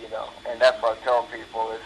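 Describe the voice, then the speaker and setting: A man's voice: mid-range voice, completely flat delivery, quick pace. An older man, an actor and interview guest, telling earnest, faith-filled stories in a rambling casual way with many fillers, while dealing with pain. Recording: echoey, distant with noticeable background noise.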